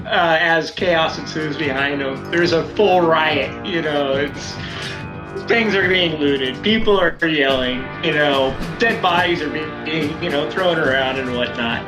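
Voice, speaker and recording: A man's voice: on the high side, measured pace. A man playing a tabletop game, talking enthusiastically and laughing easily. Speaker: player. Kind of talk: casual tabletop game chat. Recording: roomy recording with music.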